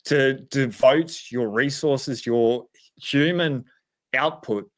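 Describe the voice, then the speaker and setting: A man's voice: mid-range voice, slow. A man with an Australian accent hosting a casual podcast, blunt and emphatic, swearing freely. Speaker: podcast host.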